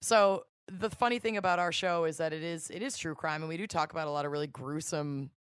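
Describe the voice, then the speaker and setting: A woman's voice: low voice, fairly even intonation, fast talker, smooth, no room sound, studio quality. A woman with a Minnesotan accent, a podcast guest chatting in a wry, blunt, playful way. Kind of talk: casual chat.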